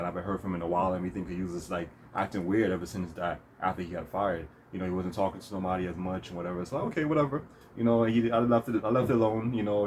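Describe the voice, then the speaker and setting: A man with a low, slightly mellow voice hosts his vlog, drifting through an anecdote with plenty of ums and restarts. He laughs frequently, and there's a bit of noise in the background.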